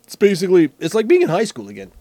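A man's voice: high voice, wildly swooping pitch, racing, dark tone. Rambling, joking man talking beer. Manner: rambling, self-correcting, jokey. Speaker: beer reviewer. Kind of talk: casual solo talk.

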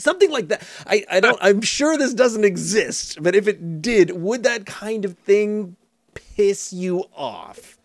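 Canadian guy, slightly high voice, wry judgmental banter. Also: animated, a little slow, no room sound. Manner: self-mocking, judgmental rants with acted-out quotes. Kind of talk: casual chat.

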